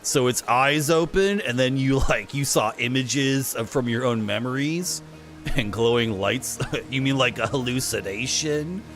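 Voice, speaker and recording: A man's voice: medium pitch, unhurried, a bit bright, lightly acted. A man reading aloud the lines of a friendly young alien museum keeper, chuckling as he goes. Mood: amused. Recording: faint music behind.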